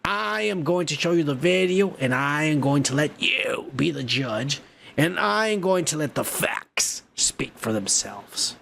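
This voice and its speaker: A man's voice: a little high, expressive, measured pace, creaky, a bit bright, slight background noise, full character voice. A man putting on a mocking impression of a pompous middle-aged British male TV host, full of profanity. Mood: smug.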